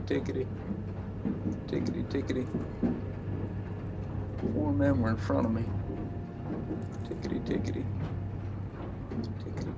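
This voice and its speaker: A man playing a gravelly coal miner. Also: medium pitch. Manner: folksy storytelling drawl. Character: aging male coal miner, a worn, wry father. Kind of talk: stage play monologue. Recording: noisy background.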